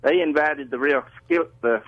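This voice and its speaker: A man's voice: a little high, moderate pace, dry recording. A man calling in to a radio show, plainspoken and telling a rambling anecdote. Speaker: caller. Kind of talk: casual phone storytelling. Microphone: telephone. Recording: phone line call-in.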